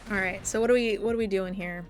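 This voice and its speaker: A woman's voice: medium pitch, fairly even intonation, fast talker, faint music behind. A woman streamer giving gameplay commentary, thinking aloud and playfully exasperated as she plays.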